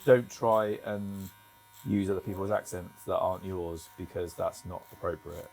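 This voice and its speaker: A man's voice: low voice, level tone, moderate pace, vocal fry, darkish tone, soft background music, low-quality recording. A man working as a barber, joking and laughing often in casual chat in a barbershop. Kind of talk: casual chat while cutting hair.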